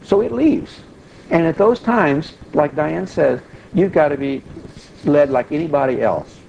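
A man's voice: fairly high pitch, expressive, a little slow, vocal fry, darkish tone, muffled recording, a little hiss or hum. A man teaching an informal Bible study in a loose, conversational way, with frequent restarts and asides.

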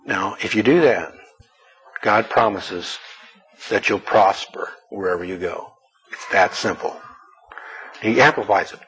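A man's voice: fairly low pitch, unhurried, long pauses, a bit bright, slight background noise. A man preaching a sermon to his congregation, telling personal stories in a folksy way with repeated words. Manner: folksy, storytelling preaching with repetitions. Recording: dull lo-fi recording.

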